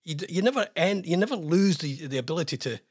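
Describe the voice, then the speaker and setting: A British man hosts a radio show from a studio, commenting on the news with mocking sarcasm. His voice is husky and sits a little high, and it swings up and down widely as he talks. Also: animated, quick pace, darkish tone. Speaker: radio presenter.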